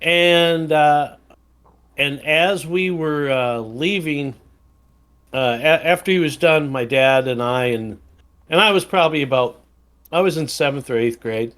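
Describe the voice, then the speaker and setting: A man's voice: on the high side, unhurried, a bit bright, clean tone. A man from Wisconsin co-hosting a podcast, telling a rambling anecdote in casual chat with many fillers and restarts. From Wisconsin, USA. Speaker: podcast co-host.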